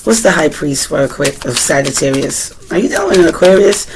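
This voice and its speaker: Background noise surrounds a deep-voiced woman with a Boston accent as she does a casual tarot reading. Her intonation is lively and her pace brisk, and she chats freely, quizzes the cards out loud, and clears her throat a lot.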